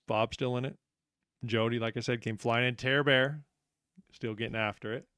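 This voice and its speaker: A man's voice: medium pitch, steady tone, normal speed, a bit bright, smooth, dry recording, studio quality. A man hosting a live trivia night, upbeat and joking, reading out questions and answers and teasing the players. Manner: upbeat, joking, self-deprecating.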